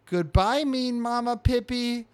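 A man doing a squeaky, chirpy baby squirrel. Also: takes it slowly, a little mellow, clear, resonant tone. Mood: cheerful. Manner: squeaky, sing-song. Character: cheerful baby squirrel, innocent.

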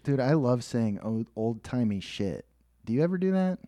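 A man's voice: medium pitch, big pitch swings, normal speed, mellow, no room sound, studio quality. A man co-hosting a podcast, telling rambling stories in casual chat, laughing at himself and acting out quotes. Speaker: podcast co-host.

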